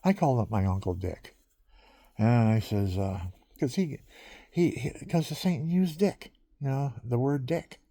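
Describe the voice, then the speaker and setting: A man's voice: mid-range voice, animated, measured pace, mellow, no room sound. A man rambling through stories in a casual monologue he is taping himself, drifting from one thing to the next and chuckling often.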